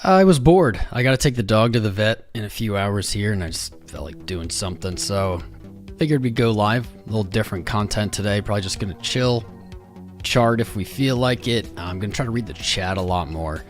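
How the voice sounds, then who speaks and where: Chill american guy on a live stream, kinda low voice, bit hoarse, greeting chat, music going faintly behind. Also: expressive, fairly quick. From United States. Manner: laid-back, greets chat by name, rambling. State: slightly losing his voice. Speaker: crypto livestream host. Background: music playing.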